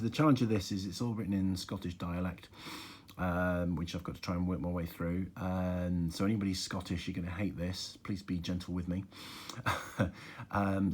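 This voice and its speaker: Husky low-voiced man reading poetry aloud. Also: darkish tone. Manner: chatty, self-deprecating, many fillers. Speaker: poetry reader. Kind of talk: casual introduction and poetry reading.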